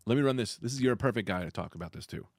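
A man's voice: fairly low pitch, racing, no room sound. A man swaps stories on a comedy podcast, his voice rising and dropping a lot as he jokes. The sound is close and dry, with no room around it. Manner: animated, joking storyteller with lively swings. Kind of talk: casual comedic chat.

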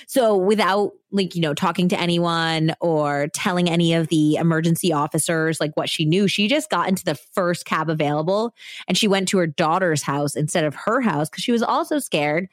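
A woman's voice: on the low side, moderate pace, no echo, clean studio sound. A woman hosting a podcast, recounting a true crime story in a casual, chatty way full of "like" and "you know". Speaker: podcast host.

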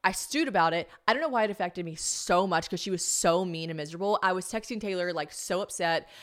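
A young woman hosting a podcast, telling a story in an animated, chatty way, full of "like" and swearing, acting out the voices of others. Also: lowish voice, fast talker. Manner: animated, swearing, lots of "like", acts out quoted voices. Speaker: podcast host. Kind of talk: casual storytelling monologue.

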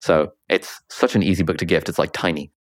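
A young British man chatting casually as an interview guest, telling stories in an animated, jokey way. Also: low-pitched, no room sound, clean studio sound. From Britain. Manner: fast, animated, jokey storytelling.

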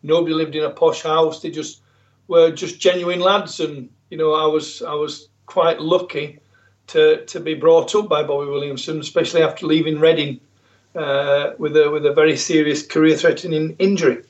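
A man's voice: a little high, level tone, moderate pace, dull audio. A man with a South Yorkshire accent, a former footballer chatting in an interview, good-humoured and often repeating words. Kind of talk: casual interview chat.

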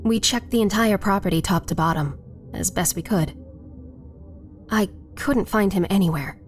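A woman's voice: medium pitch, normal speed, faint music behind, lightly acted. A woman voicing a polite, apologetic shelter employee answering a phone call.

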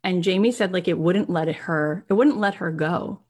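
A woman telling an inspirational success story, animated, acting out the people in it. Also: lowish voice, moderate pace, husky. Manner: animated retelling with acted quotes, rising intensity. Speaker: motivational speaker.

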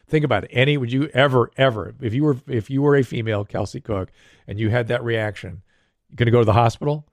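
A man's voice: medium pitch, fast talker, no echo, clean studio sound. An older man hosting a casual podcast, a doctor who explains medical points plainly while answering listener questions.

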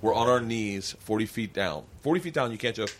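A man's voice: lowish voice, a little fast, slight background noise. A man hosting a podcast, telling a story in casual, profane chat and acting out the voices in it. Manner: animated, profane, acts out voices in his stories. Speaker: podcast host.

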